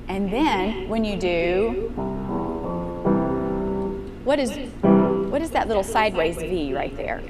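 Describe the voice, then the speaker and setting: Woman piano teacher, encouraging master-class coaching, animated pitch, piano heard in the room. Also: takes it slowly, long pauses. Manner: encouraging, asks guiding questions.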